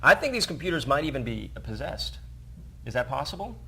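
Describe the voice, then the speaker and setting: A man's voice: medium pitch, very animated, fairly quick, vocal fry, sharp tone, slightly rough. A man co-hosting an entertainment news show in a casual, joking way, with a rambling delivery full of fillers and restarts.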